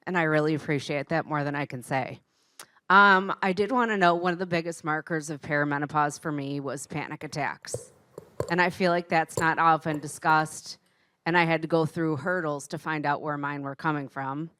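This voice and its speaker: A woman asks the panel a question from the audience. Her voice is low and dry, and she sounds grateful and earnest. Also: fairly even intonation, normal speed, fairly bright tone, no echo. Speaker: audience member.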